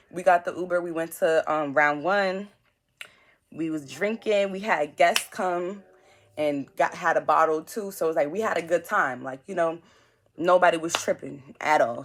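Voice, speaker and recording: Blunt young New woman. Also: low voice. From New York. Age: young adult. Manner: animated, blunt, slangy storytelling with acted-out quotes. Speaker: vlogger. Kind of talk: storytime vlog.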